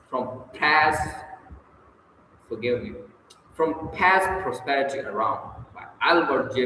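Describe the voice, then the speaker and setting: A man's voice: mid-range voice, fairly bright tone, a little hiss or hum. A man reading a public speaking textbook aloud, with occasional stumbles and self-corrections. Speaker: audiobook reader. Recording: echoey hall with long reverb.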